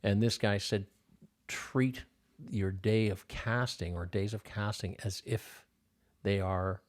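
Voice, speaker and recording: An older filmmaker appears as a podcast guest, speaking slowly in a lowish voice with fairly even intonation. He tells stories casually in a rambling way, full of fillers and restarts.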